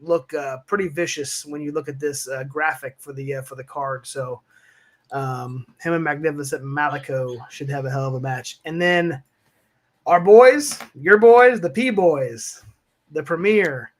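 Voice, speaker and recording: A man's voice: mid-range voice, fairly even intonation, moderate pace, a bit bright. A man co-hosting a live wrestling podcast, speaking in an easygoing way with frequent fillers. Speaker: podcast co-host. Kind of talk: casual live-stream chat.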